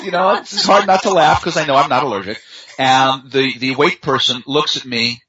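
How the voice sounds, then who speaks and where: A man talking in an unhurried, chatty way as a guest in a conversation, with fillers and easy storytelling. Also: fairly high pitch, bright, forceful tone. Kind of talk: casual conversation. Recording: dull lo-fi sound.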